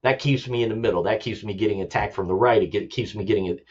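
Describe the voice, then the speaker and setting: A man's voice: lowish voice, fast, darkish tone, breathy edge, muffled recording. A man hosting his own show, ranting about politics in an impassioned, repetitive way and swearing for emphasis. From United States. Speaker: show host, army veteran.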